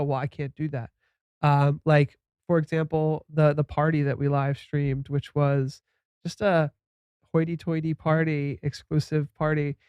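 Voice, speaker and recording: Animated man hosting a podcast. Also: a little high, clean tone, no room sound. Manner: animated, acts out quotes. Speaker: podcast host. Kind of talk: casual chat.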